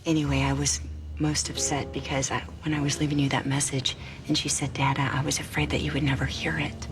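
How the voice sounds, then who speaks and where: A woman's voice: sits low, level tone, fairly quick, over music. An actress playing an emotional young mother who coos over her baby daughter in a TV drama. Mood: affectionate. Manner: cooing and tender, emotional. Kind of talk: TV drama acting.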